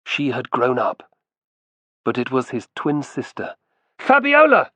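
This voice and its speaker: A man narrating a historical novel in an expressive storytelling style. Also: medium pitch, a little slow, slightly rough, no echo. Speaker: audiobook narrator. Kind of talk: scripted narration.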